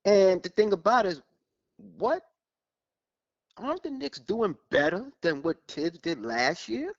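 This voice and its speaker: A man's voice: sits high, sing-song, a little slow, no echo. A man calling into a sports show by phone, heated and emphatic, repeating his points. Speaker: caller. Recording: dull phone line.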